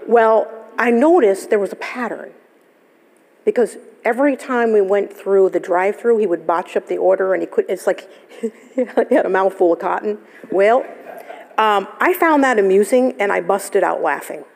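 Gravelly-voiced woman pastor preaching. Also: medium pitch, normal speed, a little mellow. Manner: storytelling, conversational, laughs often. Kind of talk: sermon. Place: church sanctuary. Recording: live church service, long hall reverb.

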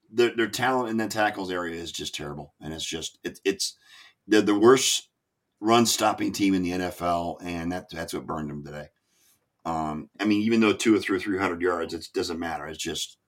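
A man hosting a casual sports podcast, animated and tripping over his own words. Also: sits low. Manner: animated, repeats words when excited. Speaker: podcast host.

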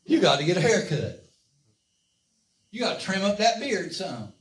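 A man with a high-pitched voice preaches a sermon, pausing to ask the congregation for amens. The sound is roomy and comes from a distance, as if a mic was set across an echoey church sanctuary. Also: big pitch swings. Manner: call-and-response preaching, asks the congregation for amens.

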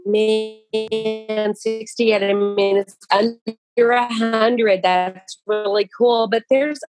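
A woman's voice: a little high, drawn-out words, no room sound, soft background music, rough recording. Earnest woman telling her story, dry sound. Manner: earnest, animated, many restarts. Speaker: author and guest. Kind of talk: casual conversational storytelling.

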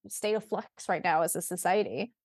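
Young actress guest, chatty and upbeat with many restarts, dry close-miked sound. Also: female voice, fairly low pitch, moderate pace, darkish tone, dry recording. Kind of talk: casual interview chat.

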